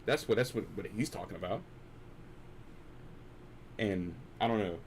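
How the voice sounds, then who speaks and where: Young guy rambling about life on stream, low voice, keeps restarting, faint hiss behind. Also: measured pace. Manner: searching, philosophical, repeats and restarts. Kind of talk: rambling late-night chat.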